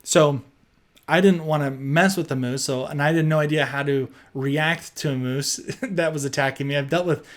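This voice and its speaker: A man's voice: on the high side, normal speed. Chatty man telling a scary story. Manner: animated, chatty, lots of fillers. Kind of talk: storytime narration.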